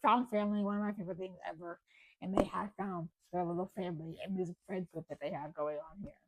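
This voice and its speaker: A woman's voice: on the low side, fairly even intonation, fast talker, no room sound, rough recording. A young woman with an American accent chatting casually about books to camera, rambling with fillers and a voice that is wearing out. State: losing her voice. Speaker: book vlogger.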